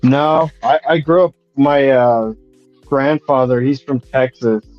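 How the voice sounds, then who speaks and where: A laid-back man in casual chat, talking in a relaxed way. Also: mid-range voice, slow pace, no room sound. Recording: dull, dry recording with faint music.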